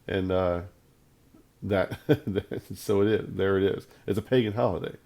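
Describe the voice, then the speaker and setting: Man, Bible teacher, low voice, warm and mellow, emphatic, repeats himself for stress. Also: steady tone, a little slow. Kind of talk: video Bible lesson.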